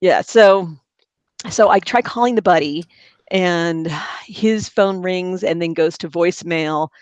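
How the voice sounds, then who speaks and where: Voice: medium pitch, slow pace, clean tone, no echo. Host type, chatty rambler who keeps laughing, dry close sound; good for loose storytelling. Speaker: podcast host. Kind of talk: casual group chat.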